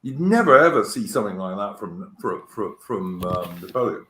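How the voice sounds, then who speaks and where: Speaking at a moderate pace, this podcast host has a lowish, slightly bright voice with big pitch swings. He's a British man on a casual chat show, a chatty storyteller who restarts and stammers a lot, recorded in an echoey room with slight background noise.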